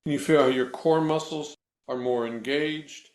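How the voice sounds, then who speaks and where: A man working as a voice coach, guiding a breathing exercise with slow, deliberate, instructive cues and then answering interview questions. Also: fairly high pitch, fairly even intonation, roomy sound.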